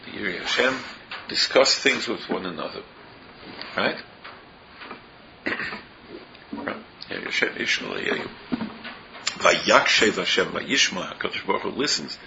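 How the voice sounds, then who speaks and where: A man's voice: low-pitched, animated, a little slow, creaky, pauses often. A man teaching a Torah class, explaining verses and often asking rhetorical questions, with Hebrew and Yiddish terms mixed into his English. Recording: dull lo-fi recording with faint noise.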